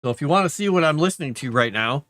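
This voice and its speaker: A man talks casually to his stream while writing, often trailing off mid-thought. His voice is bright and forward. It is recorded dry and close, with no room sound. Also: fairly high pitch, lively intonation, fast talker, no room sound. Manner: chatty, trails off mid-sentence. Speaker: author on a live writing stream.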